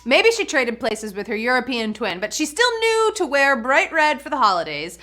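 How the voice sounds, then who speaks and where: A woman's voice: sits high, big pitch swings, normal speed, bright, forceful tone. A woman hosting a live trivia game, chatty and bubbly, laughing often. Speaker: trivia game show host.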